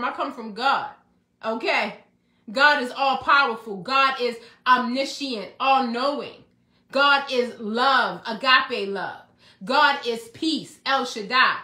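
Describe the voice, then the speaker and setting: A woman giving a motivational self-love talk that sounds like preaching, excitable, with repetition and rhetorical questions. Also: sits high, echoey room. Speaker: self-help speaker.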